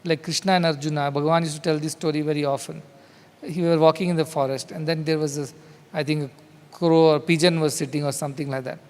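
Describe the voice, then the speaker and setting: High-voiced Indian man in a reverberant hall. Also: steady tone, fast, a little mellow. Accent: Indian English. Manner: conversational, storytelling with quoted dialogue. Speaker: spiritual teacher. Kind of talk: spiritual discourse. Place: large hall.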